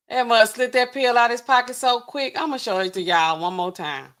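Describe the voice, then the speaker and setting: A woman's voice: fairly high pitch, normal speed, fairly bright tone. A young woman hosting a casual reaction livestream, chatting straight to her viewers and laughing often. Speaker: pharmacist host.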